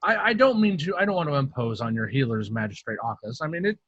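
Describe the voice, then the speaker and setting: A man playing in a tabletop game who speaks politely and haltingly in character. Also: medium pitch, expressive, fairly bright tone, no room sound. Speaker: player. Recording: dull lo-fi sound.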